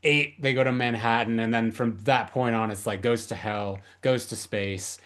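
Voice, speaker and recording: Halting male podcast host. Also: mid-range voice, steady tone, fairly bright tone. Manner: halting, many fillers and restarts. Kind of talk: casual film discussion.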